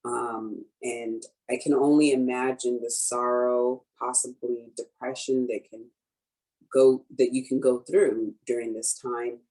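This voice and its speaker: A woman interviewer asking slow, sympathetic questions. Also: rumbling low, level tone, warm tone, poor audio.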